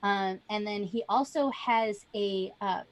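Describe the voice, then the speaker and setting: A woman running a tabletop game as game master, describing scenes in a measured way with frequent ums. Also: mid-range voice, poor audio.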